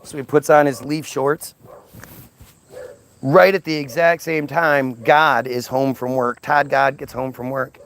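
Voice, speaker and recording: A man's voice: mid-range voice, steady tone, a little slow, fairly bright tone. A man hosting a livestream, retelling a story in a crude, mocking, rambling way. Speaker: livestream host.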